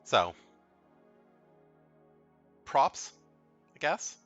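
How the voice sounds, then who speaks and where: A man's voice: drawn-out words, sharp tone, highs cut off, soft background music. A man giving casual, rambling commentary as he ranks video game characters, frank and blunt, often repeating himself. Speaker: video game tier list creator.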